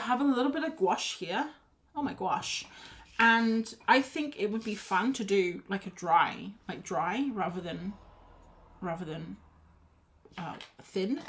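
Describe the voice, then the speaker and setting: A woman talks casually to viewers while she paints at her desk at home. She rambles, trails off and restarts her sentences, and her voice sits at an ordinary middle pitch. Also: fairly bright tone. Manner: rambling, chatty, with many restarts and fillers. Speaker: art livestreamer.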